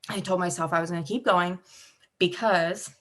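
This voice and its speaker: A woman's voice: fairly low pitch, steady tone, normal speed, a bit bright. A young woman telling her team a personal story in casual, rambling talk, heavy with fillers and heartfelt. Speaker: team director giving a mindset talk.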